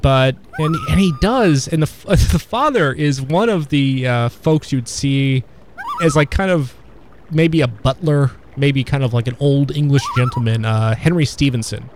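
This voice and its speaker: A man in casual conversation about old films, talking in a halting, rambling way with many fillers and restarts. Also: mid-range voice, background noise. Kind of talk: casual film discussion.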